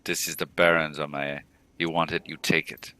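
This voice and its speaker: A man's voice: rumbling low, little pitch movement, moderate pace, sharp tone. A man reading a hostile chiphead thug. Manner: reads game dialogue aloud plainly.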